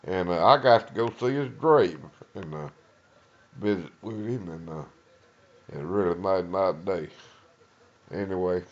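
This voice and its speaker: Telling his oral history, a retired lawman and Vietnam veteran from East Texas speaks low-pitched in a Southern accent, rambling along with halting uhs and dramatizing people's words. He is an older man, and the audio sounds dull.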